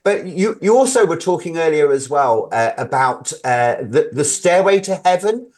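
A man's voice: on the high side, animated, normal speed, darkish tone. A man with a South Welsh accent, a guest commentator on a radio talk show, speaking hesitantly with many restarts. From Wales. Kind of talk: casual radio interview.

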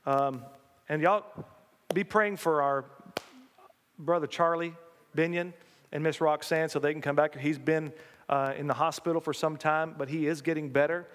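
A man pastor delivers a folksy, animated sermon and calls on his congregation to answer back. His voice sits slightly high. It carries with a long reverb, as in a big church sanctuary. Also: moderate pace. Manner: folksy, animated preaching with call-and-response.

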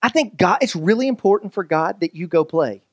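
A man's voice: high-pitched, expressive, fairly quick, husky, no room sound. A male pastor preaching a sermon in a loose, conversational way, joking with the congregation and often restarting his sentences.

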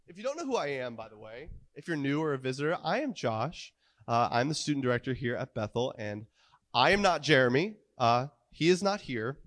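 A man from New York preaching a casual sermon as a church's student director, talking fast with many fillers while a bit stuffy from a cold. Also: a little high, big-room sound. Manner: quick-talking, chatty, many fillers and restarts. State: stuffy, getting over a cold. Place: church sanctuary.

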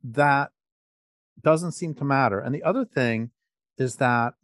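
A man's voice: mid-range voice, a little slow, no echo, studio quality. A man hosting a radio show, speaking in an impassioned, emphatic way. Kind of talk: casual conversation.

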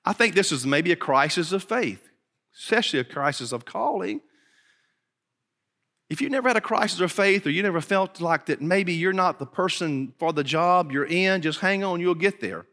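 Preacher, male, high bright voice, emphatic delivery, heard in a reverberant hall. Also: animated, moderate pace. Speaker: pastor. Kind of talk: sermon.

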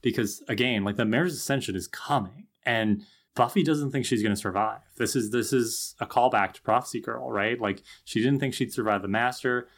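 A man's voice: medium pitch, moderate pace. Enthusiastic man podcast co-host. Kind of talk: casual chat.

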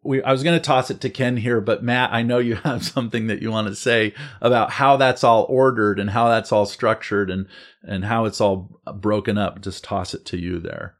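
A man hosting a podcast discussion, walking listeners through the liturgy in a measured, explanatory way. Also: fairly low pitch, steady tone. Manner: measured, explanatory, slows down to stress points. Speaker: host. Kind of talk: guided walk through the liturgy.

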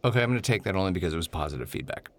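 A man's voice: low voice, animated, rapid-fire. A man telling a candid personal story in a rambling way, full of fillers.

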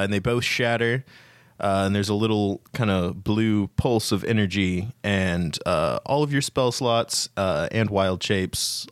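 A man's voice: lowish voice, no echo, studio quality. A man narrating a tabletop game as game master, hesitant with many fillers.

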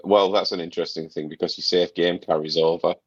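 A man's voice: low voice, steady tone, fast, no echo, lo-fi sound. A man co-hosting a casual gaming podcast, giving long rambling explanations and swearing casually. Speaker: podcast co-host reviewing a game.

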